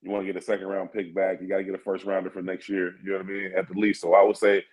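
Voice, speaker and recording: A man breaking down sports in relaxed talk-show conversation. His voice sits fairly low, and he thinks aloud, checking in with "you know what I mean?". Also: very fast, poor audio. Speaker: sports talk co-host or guest. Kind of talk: casual sports analysis.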